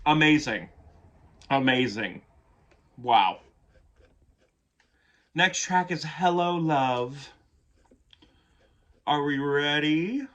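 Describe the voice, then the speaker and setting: A man's voice: on the high side, animated, very slow, pauses often, fairly bright tone. A man giving casual reaction commentary on an album, gushing and chatty, who swears casually and keeps yawning. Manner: yawns often. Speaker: music reaction youtuber.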